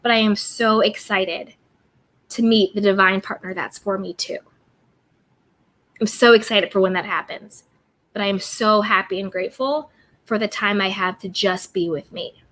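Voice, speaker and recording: A woman with a medium-pitched, fairly bright voice keeps a steady tone and moderate pace. On her casual self-care livestream, she greets chat viewers and repeats upbeat affirmations.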